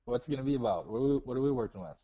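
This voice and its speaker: A man's voice: medium pitch, animated, rapid-fire, breathy edge. A man from Minnesota with a Minnesotan accent, calling into a show and chatting casually, laid-back and teasing, laughing often. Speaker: caller. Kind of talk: casual chat. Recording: dull lo-fi call audio.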